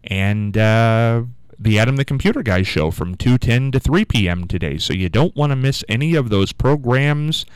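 A man's voice: medium pitch, animated, normal speed, clean tone, no echo. A man hosting a local call-in radio show, rambling in a folksy way with many fillers and restarts. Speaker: radio talk show host. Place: radio studio. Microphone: studio microphone.

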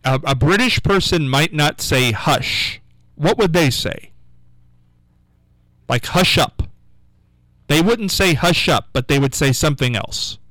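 A male radio host runs a call-in quiz in a slow, drawn-out delivery, his pitch bouncing up and down a lot. He repeats his question over and over to coax callers. The studio sound is close and dry. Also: animated, sharp tone, no echo, rough recording. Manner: drawn-out, repetitive coaxing, reads phone number slowly. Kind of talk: call-in radio game show.

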